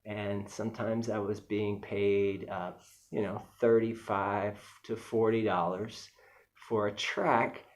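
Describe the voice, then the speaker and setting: Chatty male percussion teacher, mellow tone, easygoing lesson delivery. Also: fairly low pitch. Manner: relaxed, chatty, with fillers. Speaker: music teacher. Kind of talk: casual instructional talk.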